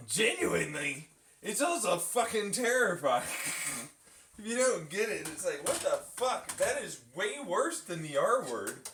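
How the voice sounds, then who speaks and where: A man's voice: sits high, sing-song, unhurried, fairly bright tone, a little hiss or hum. A man ranting to camera in a profane, mocking, sarcastic way while pulling an espresso shot. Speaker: vlogger. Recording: echoey room, far from the mic.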